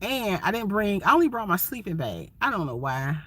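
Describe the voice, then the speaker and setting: A woman's voice: mid-range voice, sing-song, fairly quick, fairly bright tone. A woman from Ohio, a van-life vlogger chatting casually and expressively with viewers on a phone livestream. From Ohio, USA.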